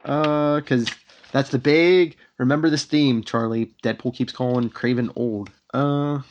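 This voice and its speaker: A man hosting a podcast, animatedly recapping a comic book and reading out the characters' lines with lively emphasis. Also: mid-range voice, a little slow, lo-fi sound, slight background noise.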